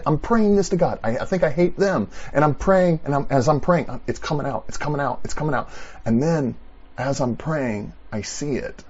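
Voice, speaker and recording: A man's voice: medium pitch, lively intonation, moderate pace, darkish tone, slightly rough. A man preaching a sermon as a pastor, speaking passionately with repeated rhetorical questions and personal confession. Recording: muffled lo-fi recording.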